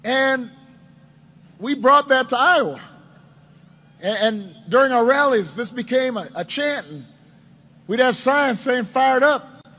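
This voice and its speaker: A man with a markedly high-pitched voice tells a long anecdote to a room of supporters. He often repeats his words as he goes, and he keeps his speech light with dry, humorous asides. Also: animated, measured pace, long pauses, sharp tone. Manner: storytelling with many self-repetitions and wry asides. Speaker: politician addressing supporters. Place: indoors at a campaign office.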